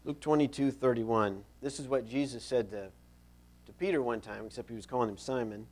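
A man's voice: medium pitch, fairly quick, a little mellow. A man preaching a sermon in a conversational, storytelling way, stressing key points.

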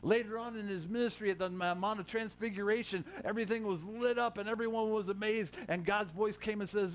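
A man's voice: high-pitched, steady tone, brisk, hardly any pauses. A man preaching a sermon in a conversational way, joking with his congregation and rising to emphatic quotes. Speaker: pastor.

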